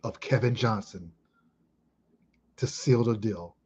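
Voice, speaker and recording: A man in his thirties from Chicago, reminiscing casually in an emphatic, excitable way with heavy swearing. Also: fairly low pitch, takes it slowly, lo-fi sound, a little hiss or hum. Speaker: vlogger.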